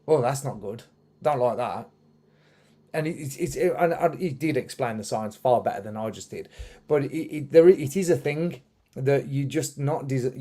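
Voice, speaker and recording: Male host, mellow tone, rambling casual chat. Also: medium pitch. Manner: rambling, many fillers and restarts. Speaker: podcast host and musician.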